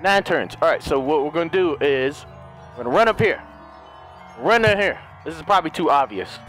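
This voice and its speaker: A man giving excitable let's-play commentary on a puzzle game, shouting and joking at the characters. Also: a little high, a little fast. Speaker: gaming commentator. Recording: game music behind voice.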